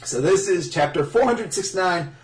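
Heard off-mic in a roomy space, a man with a high-pitched voice talks at normal speed while co-hosting a casual podcast. Animated and rambling, he recaps manga chapters, swears freely, laughs often, and performs lines in mock voices.

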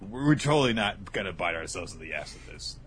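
A man's voice: low-pitched, sing-song, brisk, fairly bright tone, slight background noise. A man co-hosting a casual comedic podcast, swearing freely and acting out lines in exaggerated voices. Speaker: podcast co-host.

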